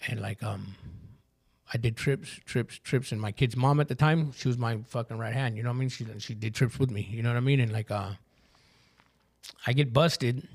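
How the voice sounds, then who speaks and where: A man's voice: mid-range voice, normal speed, darkish tone, breathy edge. A man telling his recovery story as a podcast guest, in rambling street slang full of swearing. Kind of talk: personal recovery story in casual talk.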